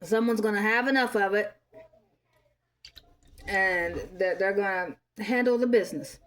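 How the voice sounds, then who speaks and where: A woman's voice: mid-range voice, a little slow, a bit bright. A woman in her thirties delivering an angry, profane commentary rant, scolding bluntly. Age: 30s. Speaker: vlogger.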